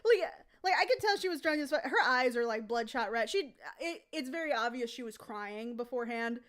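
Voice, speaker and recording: Smooth-voiced woman telling a rambling story. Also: on the high side, brisk. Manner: animated, profane, rambling anecdote. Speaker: comic artist streaming. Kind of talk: casual storytelling on a live stream.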